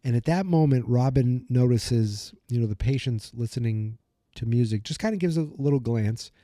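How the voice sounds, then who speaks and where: Mellow guy on a podcast recapping an episode, super chatty, lots of "like", dry close sound. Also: mid-range voice, moderate pace, no echo. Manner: chatty, full of "you know" and "like"; acts out character lines while retelling. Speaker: podcast host.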